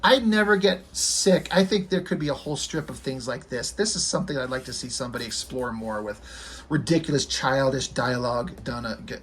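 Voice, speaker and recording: A man's voice: medium pitch, brisk, slight background noise. A man giving a casual, rambling, enthusiastic commentary on comic strips. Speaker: comic reviewer.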